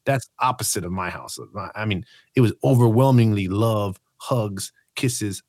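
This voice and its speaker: A man from a Puerto Rican family, speaking in a casual podcast conversation and telling animated stories about his childhood. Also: fairly low pitch, moderate pace, hardly any pauses, no room sound, clean studio sound. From Puerto Rican family in America. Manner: animated storytelling, voices his childhood reactions.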